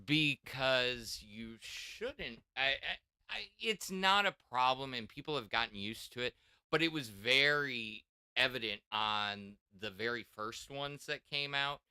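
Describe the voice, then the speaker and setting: Slow, bright-voiced man hosting a talk show. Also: medium pitch, clean tone, no room sound, studio quality. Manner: slow, rambling, with many restarts and fillers. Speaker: podcast host. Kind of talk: casual tech chat.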